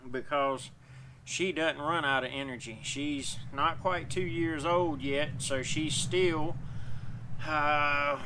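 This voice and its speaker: A man's voice: fairly high pitch, fairly even intonation, takes it slowly, noisy background. A man talking casually to the camera outdoors about his dog, folksy and rambling, slightly out of breath. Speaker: dog owner vlogger.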